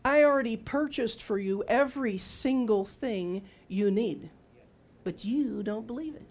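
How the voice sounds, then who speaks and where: A woman's voice: on the high side, unhurried. A woman in her sixties preaching a sermon in a conversational testimony style, asking the listeners questions and acting out quoted words. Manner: acts out her own and God's words in quoted lines.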